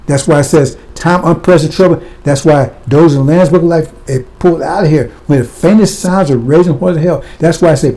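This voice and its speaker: A man's voice: a little high, a little fast, hardly any pauses, dark tone. A man preaching a fiery sermon, blunt and impassioned, firing rhetorical questions at his listeners.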